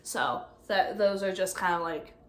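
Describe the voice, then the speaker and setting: Young woman, slow and halting, walking thru her study notes, lots of likes and ums, echoey room. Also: on the low side. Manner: halting, many ums and likes, self-correcting. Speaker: nursing student presenter. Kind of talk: casual study walkthrough from notes.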